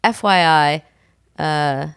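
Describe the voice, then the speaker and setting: Low-voiced, skeptical female podcast co-host. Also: slow, vocal fry, fairly bright tone, smooth, no echo. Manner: teasing, skeptical, reads listener emails. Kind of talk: casual comedic chat.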